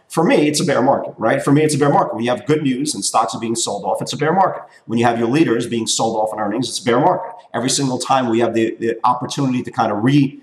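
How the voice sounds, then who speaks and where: A man in his forties talks through a trading lesson with emphatic, repetitive insistence, driving each point home and tagging lines with quick checks to the listener. His voice sits at an ordinary middle pitch. The recording carries a noticeable roomy echo. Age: 40s. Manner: emphatic, repeats points, tags lines with "okay?" and "right?". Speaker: trading educator. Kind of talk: weekly market recap talk.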